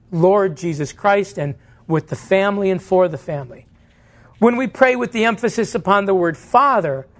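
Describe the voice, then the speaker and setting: A man with a high, light voice preaches a sermon in church. He speaks earnestly, putting questions to his listeners and answering them himself. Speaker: pastor.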